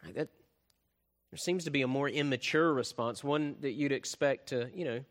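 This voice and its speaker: Man, preacher, sermon, middle pitch, tag questions, loud-to-soft swings. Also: normal speed. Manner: frequent tag questions "right?", swells louder then drops soft. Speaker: pastor.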